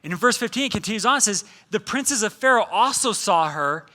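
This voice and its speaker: Man, high-pitched, bright tone, joking conversational sermon. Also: expressive, fairly quick. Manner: humorous, conversational preaching with playful asides. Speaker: guest preacher.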